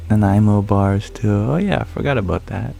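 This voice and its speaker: A man speaking softly and calmly as an ASMR livestream host, answering viewer questions. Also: on the low side, moderate pace, vocal fry, faint music behind. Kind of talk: soft-spoken ASMR livestream chat.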